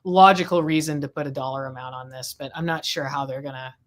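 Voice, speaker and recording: A woman's voice: extremely low pitch, fairly even intonation, fast. A woman hosting a casual talk about a court trial, chatty and rambling with frequent restarts, speaking over a video call. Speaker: legal affairs host.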